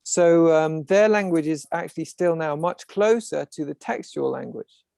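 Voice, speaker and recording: Gravelly man explaining on a call. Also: on the high side, moderate pace, darkish tone, dry recording, studio quality. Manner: professorial, with frequent restarts and asides. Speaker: host of an online discussion group. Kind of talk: casual explanatory talk. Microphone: video call.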